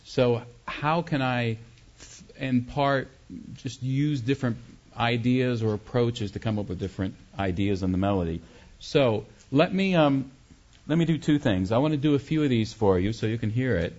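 A man's voice: medium pitch, lively intonation, moderate pace, darkish tone, dull audio. A man teaching a songwriting workshop, explaining ideas and singing short melody examples.

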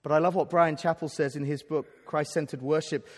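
A man delivers a sermon in an earnest, emphatic way, often stumbling and restarting mid-phrase. His voice sits high for a man. The sound carries the long reverb of a large hall. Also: fairly even intonation, fairly quick. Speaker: preacher. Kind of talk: sermon at a conference.

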